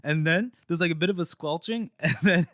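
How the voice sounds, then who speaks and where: A young man co-hosting a podcast, retelling a book chapter in casual chat, animated and laughing as he acts out lines. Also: a little high, a little fast, no room sound, studio quality.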